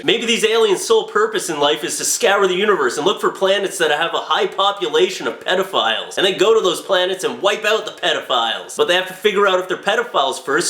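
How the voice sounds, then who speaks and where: A man's voice: sits high, pushed and bright. A young man doing a crude, sarcastic comedic rant as a vlogger. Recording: echoey room.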